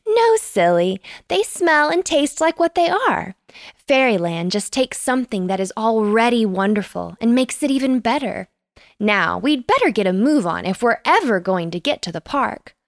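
A woman's voice: fairly high pitch, very animated, normal speed, dry recording, studio quality. A woman voicing a cheerful female magical unicorn in a bedtime story, playful in manner.

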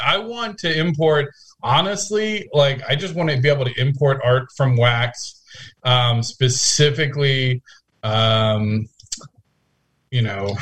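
A man's voice: mid-range voice, fairly bright tone. Joking man co-hosting a podcast. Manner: joking, teasing, laughs often. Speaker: podcast co-host. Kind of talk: casual chat.

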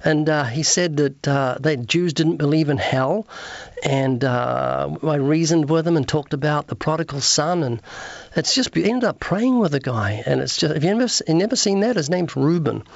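A man's voice: on the high side, expressive, normal speed, vocal fry, no room sound, highs cut off. Earnest man retelling street conversations. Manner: earnest, retells street conversations with quoted dialogue, repeats words. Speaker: evangelist and author guest. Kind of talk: interview storytelling.

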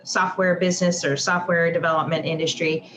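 A woman's voice: on the low side, steady tone, brisk, fairly bright tone, a little hiss or hum, rough recording. A woman interviewing a shop owner, chiming in with encouraging affirmations and follow-up questions. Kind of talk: casual interview.

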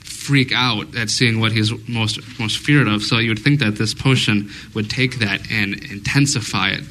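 A man's voice: on the low side, steady tone, moderate pace, pushed and bright, rough recording. A man co-hosting a casual fan discussion before a live audience, rambling and thinking aloud with many fillers. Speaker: podcast co-host.

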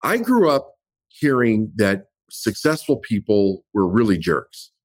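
A middle-aged man with a lowish voice recounts his past in a candid, reflective way. The recording is close and dry, with no room sound around him. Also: sing-song, slow pace, dry recording. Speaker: business coach guest. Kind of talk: personal storytelling in an interview.

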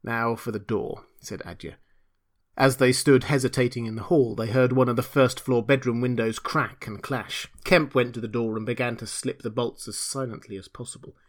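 A man's voice: mid-range voice, fairly even intonation. Man narrating a classic novel. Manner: measured, dramatic storytelling.

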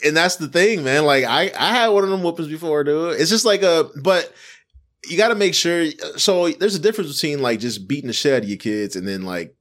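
A man in casual podcast chat, telling animated stories with frequent laughter. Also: on the high side, fairly quick. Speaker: podcast co-host.

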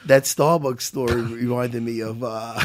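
A man's voice: medium pitch, unhurried. A middle-aged man telling rambling, profane stories in casual chat, stammering and laughing as he goes. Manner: laughs through his stories. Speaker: podcast guest.

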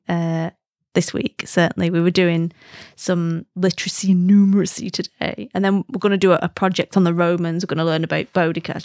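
A woman's voice: on the low side, no echo, clean studio sound. A woman hosting a podcast in a casual, rambling way, full of slang and self-deprecating asides. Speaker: podcast host. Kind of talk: casual chat.

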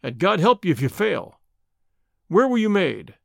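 A man's voice: high voice, big pitch swings, unhurried, vocal fry, no echo, clean studio sound, heavily acted. A man reading an audiobook, voicing a domineering, menacing middle-aged gang boss who interrogates and blusters. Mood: probing.

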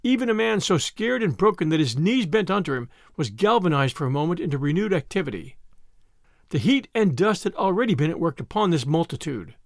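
A man reading a novel aloud as scripted narration, with a dramatic delivery that calls out the crowd's shouts. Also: on the high side, big pitch swings, fairly quick, vocal fry, dry recording, clean studio sound. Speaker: audiobook narrator.

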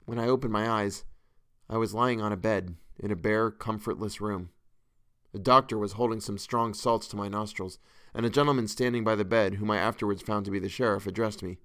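Low, smooth-voiced man narrating a tale. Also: steady tone, a bit bright, no room sound, studio quality. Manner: measured, earnest storytelling. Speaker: audiobook reader. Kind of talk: first-person audiobook narration.

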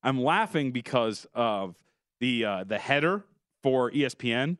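A man's voice: medium pitch, expressive, a little slow, fairly bright tone, no room sound, clean studio sound. A man co-hosting a casual sports betting show, talking emphatically with frequent restarts.

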